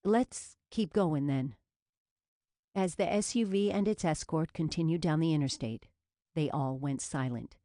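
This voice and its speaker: A woman reading an audiobook in a steady, measured narration. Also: deep voice, no echo, clean studio sound.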